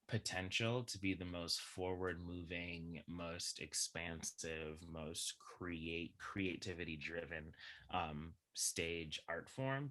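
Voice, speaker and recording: Young male podcast guest: low voice with a bright edge, animated and chatty, lots of "like"s. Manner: animated, chatty, heavy use of filler words. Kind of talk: casual chat.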